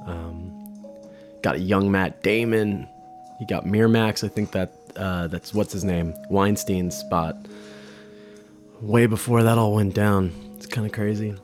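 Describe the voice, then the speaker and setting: A man's voice: on the low side, darkish tone. Rambling guy chatting over a movie. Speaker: vlogger doing movie watch-along commentary. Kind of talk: casual commentary.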